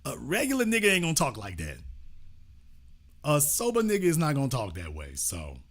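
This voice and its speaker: A man hosting a call-in show, speaking, mocking and exasperated, swinging between loud jabs and low mutters. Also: huge pitch swings, a little fast. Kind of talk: heated call-in commentary.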